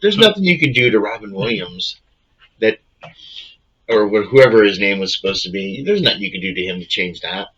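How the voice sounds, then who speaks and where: A man's voice: lowish voice, animated, a little fast, fairly bright tone, slightly rough, highs cut off. A man in casual comedic podcast chat, given to blunt, profane rants.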